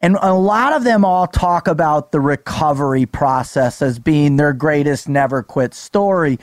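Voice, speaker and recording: A man hosting an interview, asking questions in a relaxed, halting way. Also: fairly high pitch, dry recording, clean studio sound. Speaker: podcast host.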